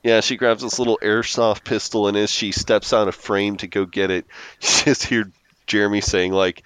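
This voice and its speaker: A man's voice: on the low side, fairly even intonation, normal speed, a bit bright, smooth, no room sound. A man co-hosting a podcast, casually recapping a TV episode and chuckling as he recounts scenes. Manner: amused, laughs often while recounting scenes. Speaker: podcast co-host.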